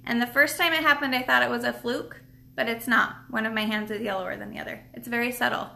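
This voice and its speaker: Her voice is on the high side, steady, creaky and sharp, and she talks quickly. As a live stream host selling nail products, she gives a casual tutorial seated at a table at home, rambling with many fillers and restarts while a little breathless.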